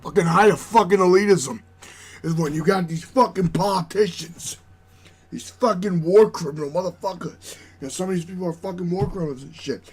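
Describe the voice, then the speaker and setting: A man from the United States with a husky, high-pitched voice delivers an angry, profane vlog rant. He shouts and swears hard, pushing his voice into his own recording setup. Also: fairly quick. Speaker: vlogger. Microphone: own recording setup with adjustable gain.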